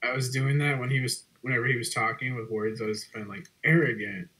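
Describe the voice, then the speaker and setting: A man's voice: medium pitch, fairly even intonation, fairly quick, pushed and bright, rough recording. Laid-back man rambling on a call. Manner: laid-back, lots of likes and trailing off. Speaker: guest. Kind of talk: casual online hangout chat. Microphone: video call.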